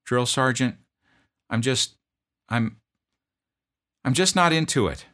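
A man voicing a tearful, homesick young army private who speaks haltingly and pleads. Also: medium pitch, lively intonation, sharp tone, pitched above the performer's own voice, full character voice. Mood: pleading.

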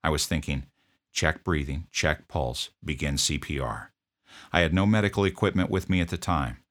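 A man narrating a first-person account of an emergency call, in a steady, measured telling. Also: a bass voice. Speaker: first responder recounting a call.

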